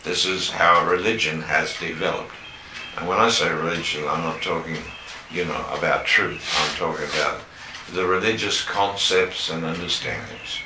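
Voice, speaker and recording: Deep voiced preacher guy, slow emphatic sermon, roomy echo, faint hum behind. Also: fairly even intonation. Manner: slow, emphatic preaching with rises on key words. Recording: echoey room with faint ambience.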